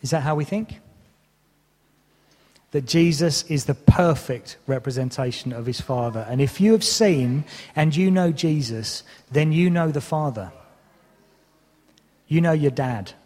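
A man's voice: on the high side, unhurried, long pauses, darkish tone. A man in his thirties preaching a sermon, candid and self-deprecating with touches of humor. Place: church hall. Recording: long reverb of a hall.

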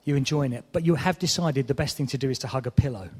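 A man's voice: medium pitch, fast, a little mellow, slightly rough, big-room sound. A man preaching a sermon, telling a story with mock exasperation.

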